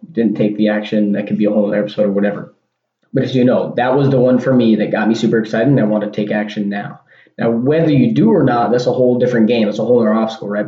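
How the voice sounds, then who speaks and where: A man hosting a casual solo podcast, talking in a rambling way and often repeating and restarting his words. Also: fairly low pitch. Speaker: podcast host. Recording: dull lo-fi sound in an echoey room.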